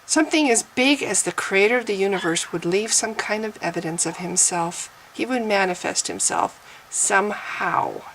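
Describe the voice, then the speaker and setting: A woman's voice: mid-range voice, big pitch swings, moderate pace, fairly bright tone, slight background noise, low-quality recording. A woman talking straight to camera in an opinion vlog, sarcastic and argumentative, often repeating herself as she presses her point. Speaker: vlogger.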